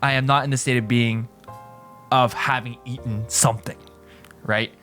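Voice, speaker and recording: A man's voice: mid-range voice, steady tone, normal speed, a bit bright, soft background music. Casual man teaching a video lesson. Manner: explains in loose restarts, tags with right?. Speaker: language teacher.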